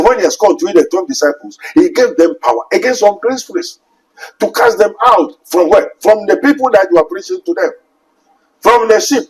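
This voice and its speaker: High-voiced Ghanaian man preaching. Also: a little mellow, poor audio. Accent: Ghanaian English. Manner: emphatic preaching with scripture quotes and rhetorical questions. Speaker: pastor. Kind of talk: sermon.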